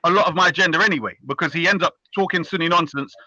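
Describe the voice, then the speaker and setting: A man's voice: on the high side, rapid-fire, pushed and bright, dry recording. A man hosting a heated online debate, brash and mocking as he talks over others. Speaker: host of a live online debate. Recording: muffled dry online call audio.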